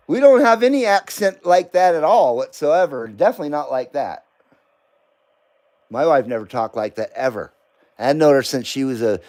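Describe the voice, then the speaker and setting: A middle-aged man hosts a live stream, chatting casually and often joking and laughing as he reads comments. His voice is on the high side, with a darkish tone.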